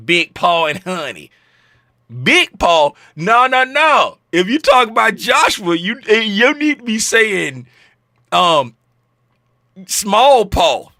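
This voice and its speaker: A man with a high, bright voice chats loosely on a trading livestream, joking and greeting viewers one by one. He talks in an unhurried way, and the sound is close and dry with no room to it. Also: sing-song, no room sound. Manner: joking, shouting out chat viewers by name. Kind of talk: casual livestream chat.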